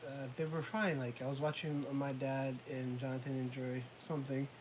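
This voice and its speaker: A man co-hosting a casual talk show, telling relaxed stories about his sons and mimicking them. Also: mid-range voice, moderate pace, background noise. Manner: relaxed storytelling, laughs often, mimics kids and parents. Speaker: podcast co-host. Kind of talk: casual chat.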